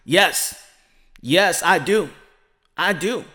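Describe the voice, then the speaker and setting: A man's voice: high voice, drawn-out words, bright, forceful tone. A man hosting his own podcast, talking casually and animatedly, repeating lines for emphasis. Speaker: podcast host. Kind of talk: casual monologue.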